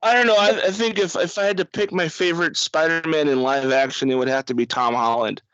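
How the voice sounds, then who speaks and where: A man's voice: a little high, steady tone, a little fast, fairly bright tone, dry recording, lo-fi sound. A man co-hosting a casual podcast chat, blunt and opinionated, laughing often. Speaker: podcast co-host. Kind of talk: casual chat over a call.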